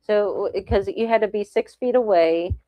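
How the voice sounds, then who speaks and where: A woman's voice: mid-range voice, moderate pace, no echo, lo-fi sound. A woman co-hosting a podcast in casual chat, mostly giving short agreeing replies. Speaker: podcast co-host.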